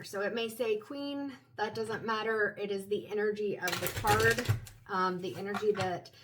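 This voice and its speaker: A woman at home giving a private tarot reading, talking in a gentle, meandering, explanatory way. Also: mid-range voice, poor audio. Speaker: tarot reader.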